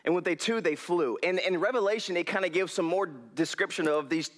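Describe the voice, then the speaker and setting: A man's voice: sits high, brisk. Folksy preacher man. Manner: folksy and animated, laughs often. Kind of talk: sermon. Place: church hall. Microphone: headset.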